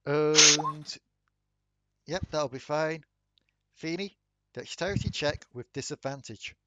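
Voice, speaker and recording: A man's voice: a little high, heavy background noise. A man running a tabletop game as dungeon master, joking with the players and calling for dice rolls. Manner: laughing, jokey, quick to call for rolls.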